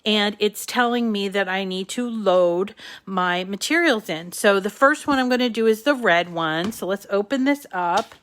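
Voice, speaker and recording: A woman's voice: medium pitch, normal speed, fairly bright tone. A woman with a New England accent hosting a live crafting show, chatting with viewers in a casual, filler-filled way.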